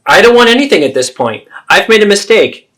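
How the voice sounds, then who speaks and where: A man's voice: sits high, sing-song, bright, forceful tone, exaggerated voice. A man playing a firm adult daughter. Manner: firm, measured. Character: adult daughter confronting her mother. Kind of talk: therapy role-play.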